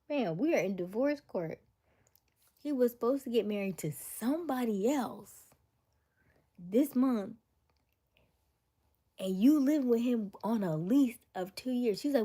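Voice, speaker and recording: A woman hosting a livestream, chatting casually to her viewers and retelling a story in an animated, incredulous way. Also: on the high side, measured pace, pauses often. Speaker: livestream host.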